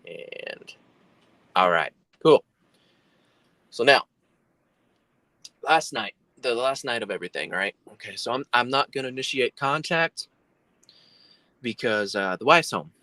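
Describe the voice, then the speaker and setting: A man's voice: mid-range voice, lively intonation, measured pace, pauses often, pushed and bright, dry recording. A man, a guest telling a long story on a video call, rambling with many fillers and restarts. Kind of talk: casual storytelling.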